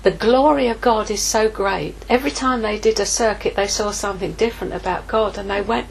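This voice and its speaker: A woman preaching a sermon, lively, moving from hushed asides to exclaiming. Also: fairly high pitch, a little fast, vocal fry, few pauses, slightly rough, low-quality recording. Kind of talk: sermon teaching.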